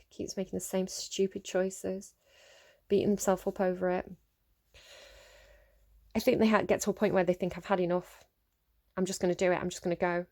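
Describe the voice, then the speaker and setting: A woman's voice: mid-range voice, a little mellow, dry recording, clean studio sound. A woman giving a casual tarot reading. She rambles, with lots of fillers and sighs. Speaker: tarot reader.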